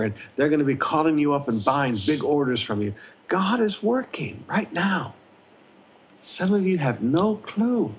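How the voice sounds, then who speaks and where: A man preaching a sermon as pastor, repeating key phrases with emphasis and swinging his pitch up and down. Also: muffled recording, slight background noise.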